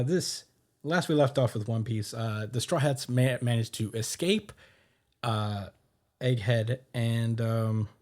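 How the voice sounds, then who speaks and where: A podcast host with a mid-range, darkish voice recaps a comic chapter in casual, rambling chat, piling on fillers and laughing often.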